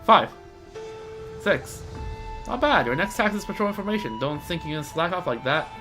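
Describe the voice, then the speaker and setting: A man's voice: on the high side, very animated, moderate pace, music in the background. A man playing a barking drill commander. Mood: stern. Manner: barking orders, yelling. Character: bossy male military drill commander.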